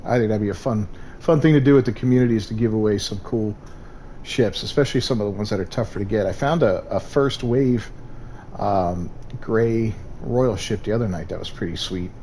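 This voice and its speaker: A man's voice: lowish voice, fairly quick, warm tone, slight background noise. A man hosting a gaming livestream, chatting casually in a laid-back way and thinking aloud. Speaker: streamer host.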